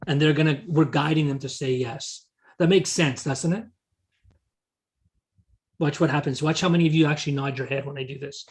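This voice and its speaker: A man's voice: a little high, steady tone, quick pace, hardly any pauses, a little mellow. A man teaching a live real estate seminar, often repeating short words as he quotes example dialogue to the audience. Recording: meeting talk to an audience.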